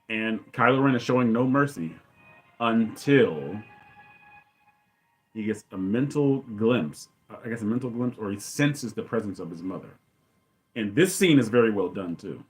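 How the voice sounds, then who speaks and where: Rambling man recapping a film scene. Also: on the low side. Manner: rambling and enthusiastic, acts out dialogue in quick voices. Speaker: podcast host. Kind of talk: casual movie commentary.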